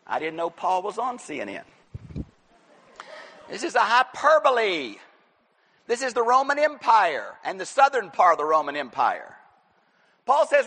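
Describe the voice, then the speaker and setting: In a church, a high-voiced man delivers an expository sermon, his pitch leaping around as he teaches and exhorts, emphatic and animated with the occasional shout. He speaks at a measured pace with long pauses and a breathy edge. A long hall reverb trails every word.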